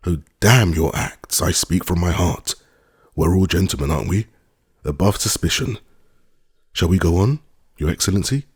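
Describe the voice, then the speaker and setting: A man's voice: low-pitched, normal speed, pauses often, a little mellow, breathy edge, dry recording, studio quality. A man reading a hearty, blustering nobleman who offers champagne.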